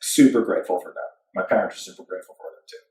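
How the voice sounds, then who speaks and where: A young man tells his story as an interview guest, loose and animated, with casual swearing. He sits a bit back from the mic in a roomy space that adds echo. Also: deep voice, racing. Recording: roomy, somewhat distant mic.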